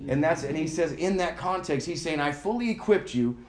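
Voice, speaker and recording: A male pastor preaching in a relaxed, chatty manner, calling on the listeners to say key words back to him. His voice sits a little high for a man. The recording has an echoey, roomy sound. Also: fairly quick. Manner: conversational preaching, has the congregation repeat words. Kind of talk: sermon. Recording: echoey room.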